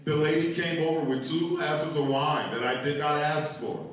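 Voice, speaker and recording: A young man performing a stand-up comedy set on a theater stage, telling animated stories and acting out quotes. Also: a little high, moderate pace. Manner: animated storytelling with acted-out quotes. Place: theater stage before a live audience. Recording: echoey theater, mic heard from far off. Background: audience room noise.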